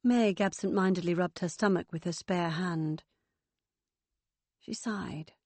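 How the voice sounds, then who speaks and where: Dry, steady woman narrating a novel. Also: on the low side, a little slow, long pauses, no room sound. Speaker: audiobook narrator. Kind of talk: scripted narration.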